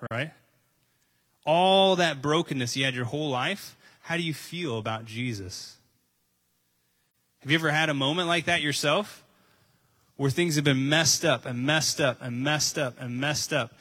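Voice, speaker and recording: A man's voice: mid-range voice, a bit bright. A man preaching a conversational sermon, reading scripture and asking his listeners questions. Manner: conversational, asks listeners questions, repeats phrases for emphasis. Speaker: pastor.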